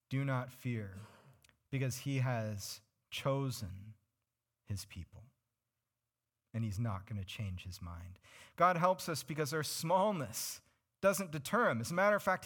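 Male pastor, sermon delivery, earnest and questioning, forceful bright tone. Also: medium pitch, animated, slow. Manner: earnest, explains and asks the congregation questions.

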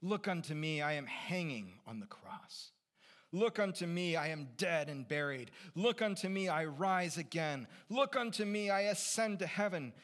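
A man voicing a fervent country lay preacher, preaching loudly and pleadingly, repeating his plea over and over. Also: mid-range voice, animated, a little slow, hardly any pauses. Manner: loud, pleading, repetitive preaching. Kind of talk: sermon.

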